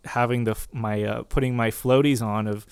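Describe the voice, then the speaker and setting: A man, a marriage and family therapist, earnestly sharing his faith story in a casual conversation, reflective and soft-spoken. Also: mid-range voice, steady tone, normal speed, clear, resonant tone, no room sound.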